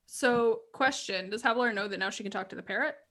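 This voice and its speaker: A woman's voice: a little high, quick pace, a bit bright. A woman playing in a live tabletop game, nervous and self-mocking but playful. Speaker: player. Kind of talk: casual chat during a live tabletop game.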